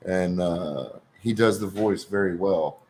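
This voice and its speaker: Texan man, host, casual rambling chat, lower pitch. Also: slow pace, a little mellow, slight background noise. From Texas. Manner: rambling, hesitant with fillers. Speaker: stream host.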